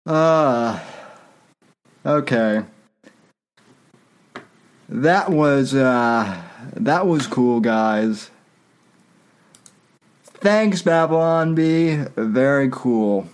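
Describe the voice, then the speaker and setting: A man's voice: medium pitch, expressive, drawn-out words, long pauses, smooth. A man hosting a podcast, reading satire aloud in casual commentary and often breaking into laughter. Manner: laughs while reading, loose and irreverent; frequent fillers and restarts. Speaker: podcast host.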